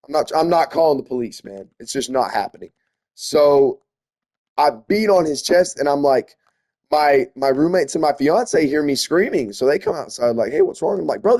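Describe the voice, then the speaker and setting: A young man tells a story straight to his viewers, cursing freely and leaning hard on every point. His voice sits somewhat high for a man, and he keeps calling his audience guys and bro. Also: a little mellow. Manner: profane, emphatic, addresses viewers as guys and bro. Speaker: storyteller vlogger.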